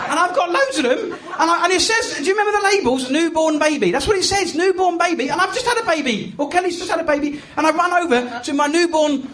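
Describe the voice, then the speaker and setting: A man's voice: very high-pitched, lively intonation, fast, few pauses, fairly bright tone. A man doing a stand-up comedy set in a club, chatty and self-deprecating, talking to the crowd. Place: comedy club stage with a laughing audience. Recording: live club recording with crowd noise.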